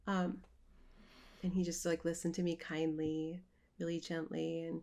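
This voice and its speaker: A woman co-leading an online mindfulness class, telling personal stories in an animated way and laughing as she talks. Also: deep voice, measured pace, long pauses. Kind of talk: casual storytelling chat. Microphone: online video call.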